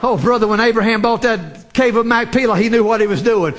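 Fervent high-voiced male preacher. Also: fairly quick. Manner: fervent, repeats phrases, builds to shouted emphasis. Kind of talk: sermon.

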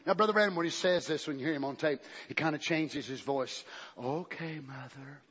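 A male pastor preaching a fervent sermon in a church, swinging between shouting and hushed talk. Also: on the high side, animated, quick pace. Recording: dull recording with long hall reverb.

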